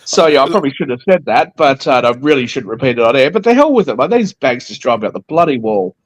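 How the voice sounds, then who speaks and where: A man's voice: medium pitch, very animated, quick pace. A man co-hosting a casual panel chat, ranting animatedly and mimicking the people he talks about. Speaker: co-host.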